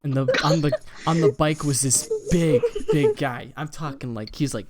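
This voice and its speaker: A man's voice: fairly high pitch, normal speed. A young man streaming live, rambling through a crude improvised story. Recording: loud background noise.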